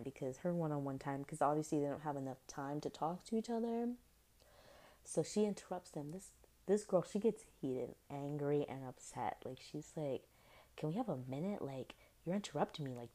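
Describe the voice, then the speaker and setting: A woman's voice: fairly low pitch, warm tone. A young woman hosting a podcast, chatting casually about a TV episode with lots of fillers and exaggerated reactions. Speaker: podcast host. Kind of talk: casual TV recap chat.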